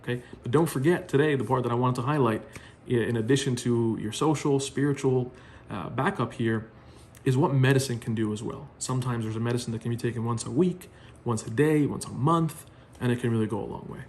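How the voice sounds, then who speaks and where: A man's voice: medium pitch, fairly quick, a little mellow, a little hiss or hum. A man, a psychiatrist talking straight to the viewer in a friendly, reassuring way that rambles with restarts. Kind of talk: direct-to-camera health talk.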